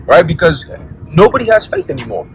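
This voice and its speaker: A man's voice: fairly high pitch, very animated, brisk, a little hiss or hum, poor audio. A man giving a blunt, profane preaching monologue, constantly checking in with "okay?" and "all right?". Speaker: religious commentator.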